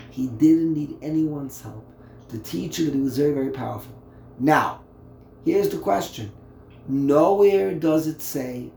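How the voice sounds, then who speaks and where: A man's voice: on the high side, creaky, a little mellow, roomy sound, a little hiss or hum. A man, a rabbi, teaching a Torah class in a conversational way, asking his listeners rhetorical questions and often repeating words.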